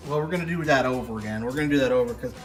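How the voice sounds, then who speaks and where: A middle-aged man casually vlogging as he cooks in a home kitchen and gently coaches his young daughter with a knife, chatty and jokey. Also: medium pitch, very fast. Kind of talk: casual cooking ASMR vlog. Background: music and kitchen clatter of knives and pots.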